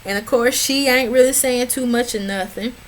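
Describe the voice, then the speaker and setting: Woman, high voice, sassy reality-show recap, chatty, faint noise in the background. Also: normal speed, rough recording. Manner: sassy, talks back at the screen; chatty, addresses viewers as y'all. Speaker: reality TV reviewer. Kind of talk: casual recap commentary.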